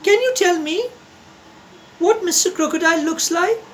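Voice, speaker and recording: A man doing a high, eager elephant calf. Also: a bit bright, slight background noise. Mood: eager polite. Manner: high, quick and breathless pleading. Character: curious young elephant calf, polite and eager.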